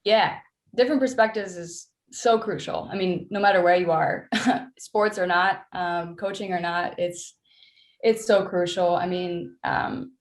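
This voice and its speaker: A woman basketball coach joins a podcast as a guest. Her somewhat low voice carries a roomy echo. She speaks earnestly, with gentle laughs and thinking pauses. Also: steady tone. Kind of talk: casual interview chat.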